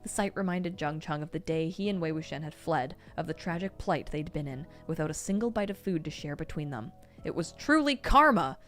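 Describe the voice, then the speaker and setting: A woman reads a novel aloud to her stream in a lowish voice, expressive and lively in her delivery. Faint music sits under her reading. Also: brisk, hardly any pauses. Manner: expressive reading, breaks into laughter.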